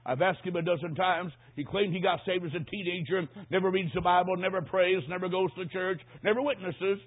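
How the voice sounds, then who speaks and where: A man preaching quotes a worried wife, speaking softly, on a tinny phone-like recording. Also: high-pitched, steady tone, fairly quick. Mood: doubtful. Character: worried wife, quiet and unsure.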